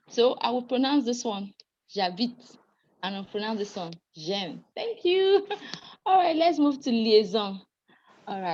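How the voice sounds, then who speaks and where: A woman's voice: mid-range voice, a little mellow. A woman teaching a French pronunciation class, explaining sounds patiently, spelling out letters and calling on students to read aloud. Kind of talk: live class lesson. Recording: dull lo-fi recording with faint noise.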